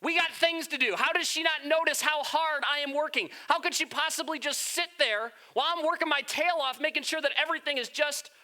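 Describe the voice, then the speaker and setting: A man voicing a frantic, complaining woman in a sermon retelling, pitched high and exasperated. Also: fairly quick, few pauses, sharp tone, full character voice. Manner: whiny, exasperated.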